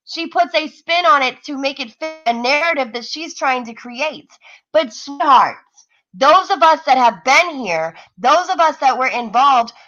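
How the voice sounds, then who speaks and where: A high, bright-voiced woman hosts a livestream in a fiery, profane rant. She talks fast and mocks her target without pause. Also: muffled recording. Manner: profane, mocking, fast-ranting. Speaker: livestream host. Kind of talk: heated live-stream commentary.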